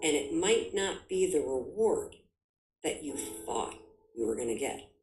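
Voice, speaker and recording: A woman's voice: low-pitched, expressive, measured pace, a little mellow, reverberant, soft background music, rough recording. A woman giving an emphatic motivational talk as a guest, full of vivid examples. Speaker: guest speaker.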